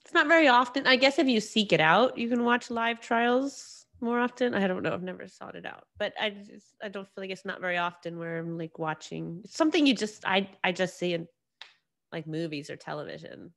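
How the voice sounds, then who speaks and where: एक युवा महिला होस्ट, जो अकेले बैठकर अपने पॉडकास्ट पर बिखरी-बिखरी बातें करती है, बार-बार वाक्य अधूरे छोड़कर फिर से शुरू करती है और खुद पर ही हँसती है।. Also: female voice, mid-range voice, lively intonation, a little fast, gravelly, a bit bright. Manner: rambling, self-deprecating, many restarts. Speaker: podcast host. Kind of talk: casual solo monologue.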